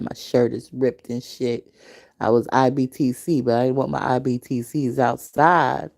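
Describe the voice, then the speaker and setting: New woman podcaster, deep gravelly voice, lively storytelling, swears a lot. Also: unhurried. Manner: animated storytelling with laughter and profanity. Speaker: podcast host. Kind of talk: storytelling, casual chat.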